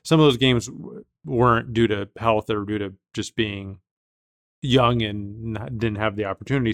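A man's voice: mid-range voice, no echo, studio quality. A man hosting a podcast, casual chat, talking emphatically and thinking aloud with restarts. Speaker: podcast host.

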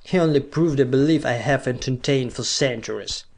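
A man's voice: medium pitch, moderate pace, gravelly, a little mellow. A man voicing a scornful, arrogant male rival genius who speaks in curt snarls, in a pulp audiobook reading. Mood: snarling.

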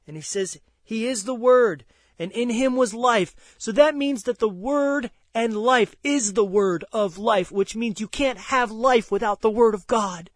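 A man preaching a sermon, impassioned and emphatic, swinging between loud declarations and hushed near-whispers. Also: high-pitched, unhurried, dry recording.

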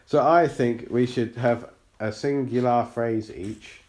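A man's voice: mid-range voice, fairly even intonation, slow, a little mellow. A man co-hosting a podcast in casual chat, laughing often and stumbling over repeated words. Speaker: podcast co-host.

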